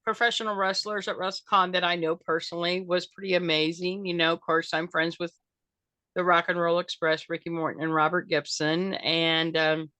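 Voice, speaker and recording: Bright-voiced older woman, rambling chat. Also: fairly low pitch, little pitch movement, normal speed, dry recording. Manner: rambling with many fillers and restarts. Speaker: guest. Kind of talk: casual interview chat.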